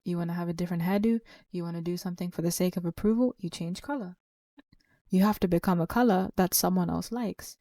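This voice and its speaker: Woman, earnest advice talk, dark mellow tone, slightly off-mic. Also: lowish voice, no echo, clean studio sound, recorded from a distance. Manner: earnest, encouraging. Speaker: channel host.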